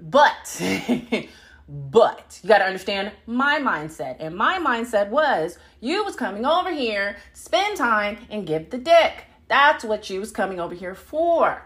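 A young adult woman hosting a solo podcast, talking bluntly and profanely in an animated, laughing monologue. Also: mid-range voice, unhurried. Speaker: podcast host.

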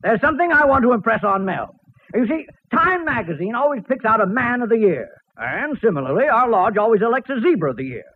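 A man's voice: very high-pitched, sing-song, brisk, slight background noise. An actor playing a blustering, fake-friendly middle-aged father in 1940s radio comedy, on a tinny old broadcast. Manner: blustering, mock-sweet then insulting.

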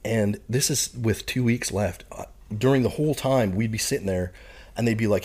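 A man's voice: fairly low pitch, a little fast, darkish tone. A man in his forties from Canada, a retired Marine guest telling crude anecdotes in a laughing, casual way. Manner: profane, laughing anecdotes with lots of "like" and "right?". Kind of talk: casual storytelling.

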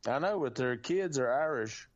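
A man's voice: medium pitch, animated, normal speed. A man co-hosting a podcast, chatting about a horror film in a laid-back, joking way with slangy speech. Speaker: podcast co-host. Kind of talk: casual movie chat. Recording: dull lo-fi mic.

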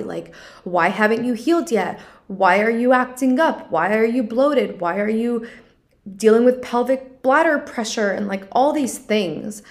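A young woman hosting her own podcast, talking through a personal story in an earnest, confessional way, with lots of "like" fillers. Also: mid-range voice. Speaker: podcast host. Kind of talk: personal reflective monologue.

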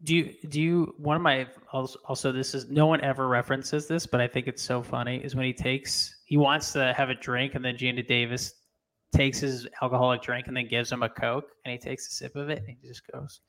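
A man's voice: mid-range voice, level tone, a little fast, a bit bright. A man co-hosting a sports podcast, talking in a laid-back, chatty way, full of "like" and "dude". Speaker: podcast co-host. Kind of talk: casual chat.

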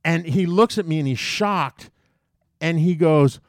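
A man's voice: fairly high pitch, measured pace, no room sound, clean studio sound. A man telling a long story in casual chat, swearing freely and acting out what people said to him. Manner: animated, profane, mimics people in his story. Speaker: podcast host telling a story.

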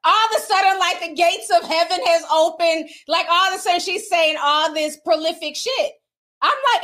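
A woman's voice: very high voice, animated, normal speed, a bit bright. A woman commentator in casual chat, talking bluntly and with animation, swearing freely.

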